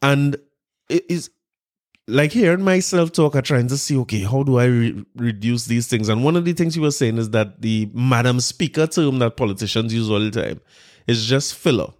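A man's voice: medium pitch, normal speed, a little mellow. A man with a Trinidadian accent giving casual political commentary, mocking, laughing often and repeating words as he talks.

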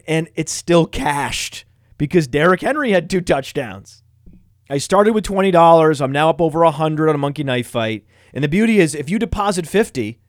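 A man hosting a fantasy football podcast, reading ads in a boastful, self-mocking, energetic way. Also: fairly high pitch, no room sound, clean studio sound. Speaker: podcast host.

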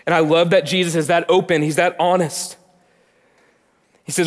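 A man preaching a sermon, swinging from soft and hushed to loud and emphatic. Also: a little high, little pitch movement, normal speed, pauses often. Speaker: pastor teaching. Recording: long reverb of a large hall.

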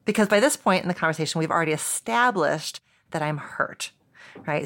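Lower-voiced woman therapist teaching. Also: moderate pace. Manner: warm, reflective, with soft laughs and spoken examples. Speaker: couples therapist and podcast host. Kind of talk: podcast teaching talk.

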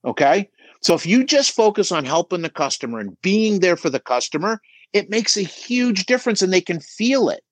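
Middle-aged male coach, animated and emphatic, mid-high voice, dry close sound. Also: normal speed, dry recording. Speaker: auto shop business coach guest. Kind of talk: podcast conversation.

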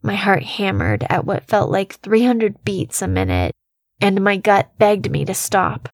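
A woman narrating a first-person horror story in a measured, tense storytelling manner. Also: mid-range voice, sing-song, dry recording, studio quality.

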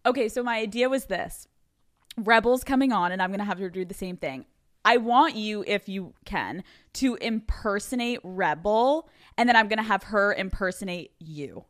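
A woman's voice: mid-range voice, expressive, normal speed. Chatty young woman hosting a podcast. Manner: chatty and upbeat, swears casually. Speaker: podcast host. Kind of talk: casual podcast interview.

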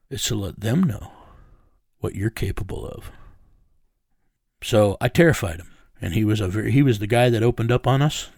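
A man being interviewed, recounting a raid in low, measured storytelling that sinks to a menacing hush. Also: creaky, no room sound, studio quality. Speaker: interview guest.

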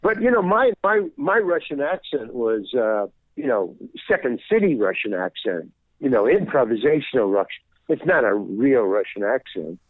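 A man's voice: mid-range voice, sing-song, normal speed, no echo. Older man on a tinny phone line. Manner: rambling, many restarts and repeated words. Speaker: guest actor. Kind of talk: casual interview chat.

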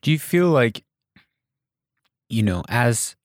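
A podcast host asking gentle, probing interview questions. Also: mid-range voice, big pitch swings, slow, no echo, clean studio sound.

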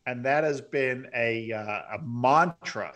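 A middle-aged man, a podcast guest, telling his life story earnestly, close to tears, breaking into loud excited bursts. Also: mid-range voice, slow pace. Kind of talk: emotional storytelling interview.

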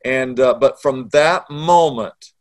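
A man's voice: medium pitch, slow. A middle-aged man, a pastor telling a story in an interview and acting out the dialogue.

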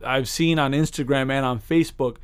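A man's voice: mid-range voice, steady tone, brisk, smooth. A man co-hosting a podcast, telling a story in rambling casual chat with many restarts. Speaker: podcast co-host.

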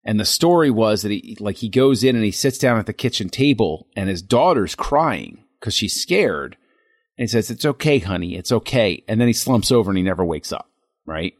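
A man co-hosting a podcast, talking through a film scene in a reflective, halting way with frequent restarts. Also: on the low side, expressive, dry recording, studio quality. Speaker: podcast co-host. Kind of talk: casual film discussion.

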